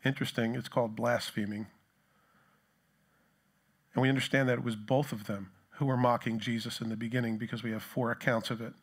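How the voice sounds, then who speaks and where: A man's voice: mid-range voice, level tone, fairly quick, husky. Man preaching a conversational sermon. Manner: conversational preaching, acts out mocking voices of the crowd. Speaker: pastor.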